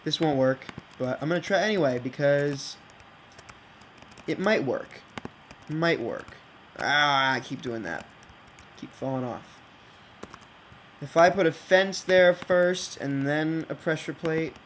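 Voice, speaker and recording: Slow, hesitant young man thinking aloud. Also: a little high, expressive, slight background noise, low-quality recording. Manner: rambling, hesitant, thinking out loud. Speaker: game video creator. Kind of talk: casual think-aloud game commentary.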